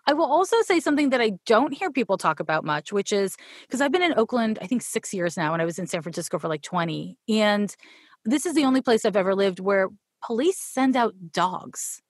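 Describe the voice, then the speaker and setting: A woman's voice: medium pitch, lively intonation, a little fast, no echo. Chatty Canadian woman, dry sound. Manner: chatty, laughs often, self-deprecating. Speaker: podcast guest, astrologer. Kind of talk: casual interview chat.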